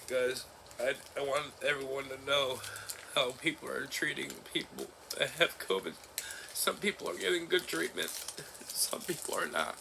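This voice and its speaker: A man in his forties talking in a personal vlog, halting and emotional, breaking into nervous laughs. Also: medium pitch, creaky, background noise. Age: 40s. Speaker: vlogger. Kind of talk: personal vlog recounting an ordeal.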